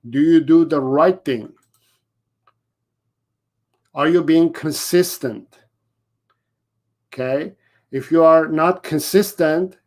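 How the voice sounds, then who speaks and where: Dog trainer, male, unhurried live talk, slightly high voice, repeats himself to drive points home. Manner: repetitive, acts out owners and dogs in quick asides.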